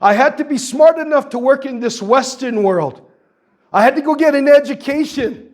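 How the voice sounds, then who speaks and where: High-voiced man in his sixties. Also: moderate pace, darkish tone. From Guam. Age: 60s. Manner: earnest, builds through lists and rhetorical questions. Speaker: community speaker at a public forum. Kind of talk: impassioned public testimony.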